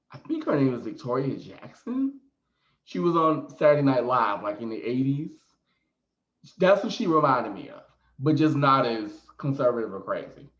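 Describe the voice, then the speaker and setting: An animated man tells a story in a vlog, his pitch swinging lively up and down, and he laughs often and throws in asides. The recording is roomy and echoey, with a slightly dull, muffled tone. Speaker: psychic reader and video host.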